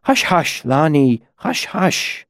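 A man voicing a gentle, patient male caretaker in an audiobook, speaking in a soothing murmur. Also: high-pitched, big pitch swings, normal speed, no echo, studio quality, voice pushed up. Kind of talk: audiobook character voice.

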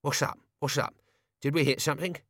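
Crotchety old manservant, as a male reader puts him on. Pitched up, cranky, dry. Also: fairly even intonation, brisk, fairly bright tone, no room sound. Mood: grumbling.

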